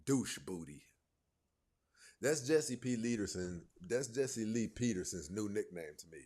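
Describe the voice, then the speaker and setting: A man's voice: fairly low pitch, lively intonation, normal speed, dark tone. A man hosting a reaction commentary, mocking and laughing as he riffs. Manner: mocking, laughing, jokey asides. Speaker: commentary host.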